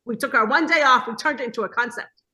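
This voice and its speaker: A woman's voice: a little high, fast talker. A woman guest telling stories in a casual interview over a video call, acting out the voices she quotes. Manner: lively storyteller who acts out quoted voices. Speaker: guest, hospitality business owner.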